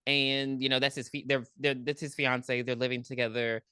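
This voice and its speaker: Low-voiced, blunt woman podcaster. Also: moderate pace, clean tone, no echo, clean studio sound. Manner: blunt, profane, animated. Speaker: podcast co-host. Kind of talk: casual movie recap chat.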